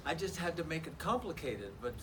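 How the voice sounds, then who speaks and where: A man speaking as a panelist at a convention, unhurried and self-deprecating. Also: fairly high pitch. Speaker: actor panelist. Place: large convention hall. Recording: distant convention hall recording. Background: crowd.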